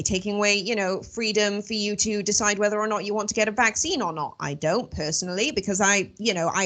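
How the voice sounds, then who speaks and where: Woman, host, casual blunt talk, mid-pitch voice, swears. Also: a bit bright. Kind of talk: casual political chat.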